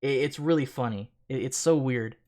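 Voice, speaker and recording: A man's voice: medium pitch, normal speed, a little mellow, slight background noise. A man streaming casual reaction commentary, sarcastic, often laughing and stammering on repeated words.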